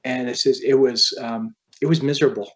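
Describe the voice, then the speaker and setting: An author telling a personal story as a podcast guest, in an earnest, halting way. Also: male voice, mid-range voice, fairly even intonation, muffled recording. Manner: earnest, halting, quoting others as he tells a story.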